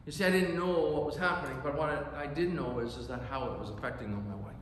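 High-voiced pastor preaching in echoing church. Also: male voice, quick pace, a little hiss or hum. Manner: earnest, emphatic storytelling with sound words. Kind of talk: sermon storytelling. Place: church sanctuary. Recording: echoey church hall reverb.

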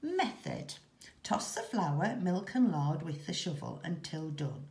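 Woman teacher, storybook read-aloud, slow, animated pitch, echoey room. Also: vocal fry. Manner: slow, expressive, rhythmic reading.

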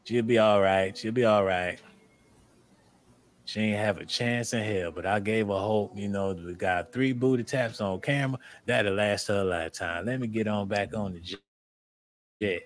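A man's voice: lowish voice, moderate pace, close to an everyday voice. A man doing a mocking impression of a jealous, boastful music mogul.

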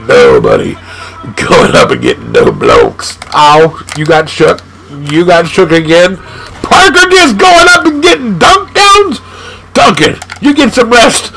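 Hyped man yelling over a basketball video game. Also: sits high, huge pitch swings, slow pace, creaky, background noise. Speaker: gaming channel host. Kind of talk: excited live gameplay commentary. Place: home gaming room.

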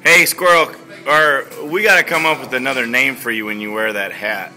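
A man's voice: medium pitch, normal speed, sharp tone, soft background music. A man behind the camera teasing and egging on a puppet in casual banter, laughing often.

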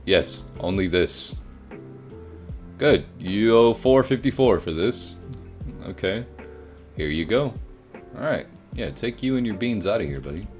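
A young man riffs through a spooky game playthrough, his low voice swinging up and down. He jokes and chats with his viewers as soft music plays in the background. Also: lively intonation, unhurried, long pauses. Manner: jokey, jumpy, voices the game characters. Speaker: gaming streamer. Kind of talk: horror game playthrough commentary.

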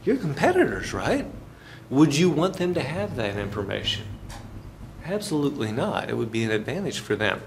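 A middle-aged man lectures on finance in a classroom, telling stories in a lively, folksy way and now and then making sound effects. His pitch is medium and his pace moderate, with some vocal fry and a slight hiss or hum on the recording.

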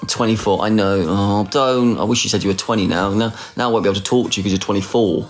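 Talking fast in a fairly low voice, a man in his forties runs a relaxed phone livestream chat, flirty and sarcastic, teasing others and frequently mocking himself. Soft music plays in the background.

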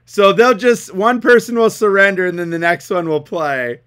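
A man's voice: sits high, moderate pace, a bit bright, smooth. A man casually commentating online card game duels as host, amused and often breaking into laughter while chatting to viewers. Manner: giggly, keeps breaking into laughter.

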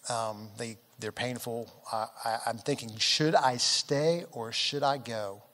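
A man's voice: medium pitch, slow pace, big-room sound. Man pastor telling a funny story. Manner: humorous, animated storytelling with acted quotes. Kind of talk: storytelling sermon. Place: large church auditorium.

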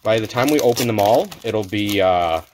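A man's voice: lowish voice, moderate pace, background noise. A man hosting a card-opening video, chatting casually and stumbling over names as he goes. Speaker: card-opening channel host. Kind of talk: casual unboxing chat.

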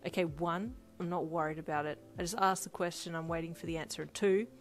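A woman's voice: lowish voice, steady tone, fast talker, soft background music, lightly acted. A woman reading Bakugo, a blunt, brusque boy. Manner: curt and commanding.

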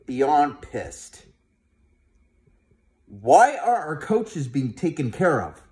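A man ranting angrily and profanely as a sports fan vlogger, talking heatedly to his viewers with frequent restarts. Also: sits high. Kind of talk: angry fan rant to camera.

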